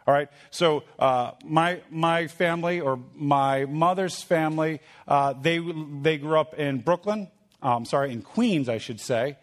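A man preaching a sermon in a conversational teaching manner, repeating key phrases and checking in with his listeners. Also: on the high side. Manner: teaching with a drawing. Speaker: pastor.

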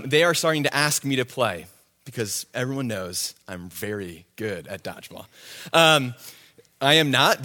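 Bright, self-mocking young male preacher. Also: fairly high pitch. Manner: self-deprecating, animated storytelling with quick asides. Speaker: youth pastor. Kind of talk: sermon storytelling.

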